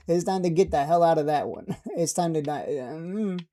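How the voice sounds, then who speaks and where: A man's voice: on the high side, normal speed, mellow. A man streaming casual stock market commentary, brash and joking, often laughing at his own jabs.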